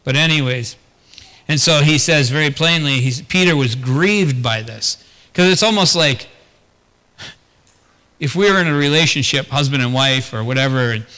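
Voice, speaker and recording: A man's voice: medium pitch, moderate pace, long pauses, bright, forceful tone, long reverb tail. A man preaching a sermon as pastor, talking earnestly and putting rhetorical questions to the congregation.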